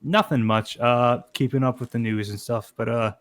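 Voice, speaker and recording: A man's voice: medium pitch, fairly even intonation, moderate pace, fairly bright tone. Dry-joking young man. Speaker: podcast co-host. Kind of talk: casual chat.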